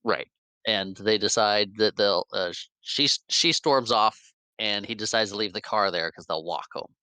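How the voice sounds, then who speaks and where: A man with a low, bright and forceful voice, talking through a movie in a casual podcast. He stammers into his points and agrees readily. The sound is dry and close. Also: normal speed, smooth, dry recording. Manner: stammering restarts, agreeable interjections. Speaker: podcast co-host. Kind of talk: casual movie review chat.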